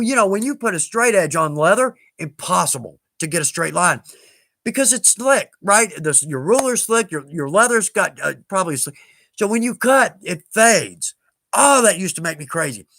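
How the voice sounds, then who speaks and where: A man's voice: high-pitched, sharp tone, no room sound. A man with a Southern US accent hosting a live stream, chatting casually and rambling a little as he answers viewer questions with self-deprecating asides.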